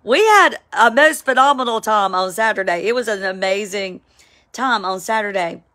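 A woman, giving a casual, emphatic spoken devotional, with sudden excited high cries. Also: normal speed. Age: 50s. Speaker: Christian devotional vlogger. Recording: home, with a siren outside.

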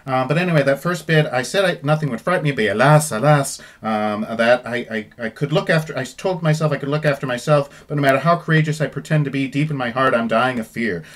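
A middle-aged man talks through an opera recording in a loose, chatty way. He wanders off on tangents and drops the odd swear word. His voice sits at an ordinary pitch for a man. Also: fast, hardly any pauses. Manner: chatty and digressive, swears offhandedly. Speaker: baritone singer discussing an opera recording. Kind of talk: casual spoken commentary.

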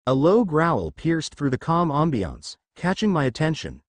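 A man narrating a fan fiction story aloud in a steady storytelling manner, close to the mic. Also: a little high, a little slow, dry recording.

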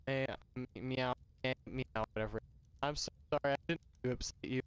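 In a dry recording from a glitchy home mic, a young let's player voices a game's characters while reading its dialogue, adding casual, sweary commentary and laughs. He speaks at normal speed in a mid-range voice that's a bit bright, clear and resonant.

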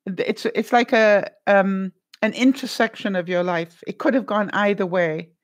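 A middle-aged woman vlogger chatting casually on a live stream, reading viewer comments and offering gentle, comforting advice with frequent repeated words and laughs. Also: mid-range voice, steady tone, normal speed. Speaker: vlogger answering live chat.

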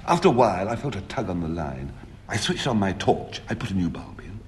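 A male radio comedy panelist tells a long comic story. His voice sits low but swoops widely, and his delivery stays wry and deadpan. He lets the pauses land before each punchline. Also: a little hiss or hum.

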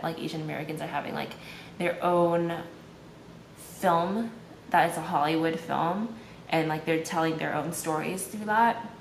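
A woman's voice: lowish voice, creaky, slight background noise. A young woman from Malaysia chatting casually in a vlog, with lots of "like" fillers. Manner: chatty, heavy use of "like" fillers. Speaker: vlogger. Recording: echoey room with faint ambience.

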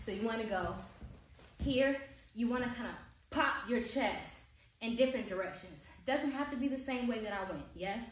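A woman's voice: fairly high pitch, animated, normal speed, slight background noise. A woman teaching a dance in a large studio, upbeat and checking in with her students. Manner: upbeat, coaching with frequent check-ins. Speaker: dance instructor. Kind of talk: dance tutorial. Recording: echoey studio from far off.

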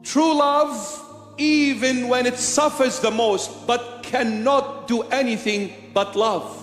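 A man's voice: extremely high pitch, steady tone, takes it slowly. A man preaching a sermon as a bishop in a church, emphatic and repetitive in his rhetoric. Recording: echoey church hall with faint music.

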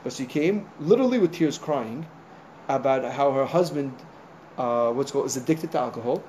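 A rabbi gives an informal sermon in a mid-range voice at a fairly quick pace, with a little hiss or hum on the recording. He's an animated storyteller, speaking conversationally with many "you know" asides and acting out what people said.

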